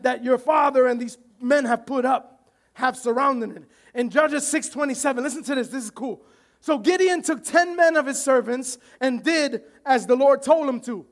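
A man preaching a sermon as pastor, animated, often shouting and laughing while acting out voices from the story. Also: very high voice, normal speed.

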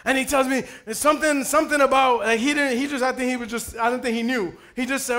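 Speaking at an extremely high pitch, quickly and with few pauses, a pastor delivers a sermon full of lively, playful storytelling. He calls out for amens and lifts his voice at the key moments.

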